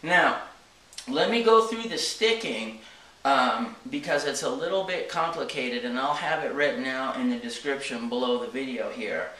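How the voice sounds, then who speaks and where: A drum teacher with a mid-range, bright, forceful voice explains lessons step by step at a moderate pace, frequently asking "okay?". The mic sits far from him in a reverberant studio room.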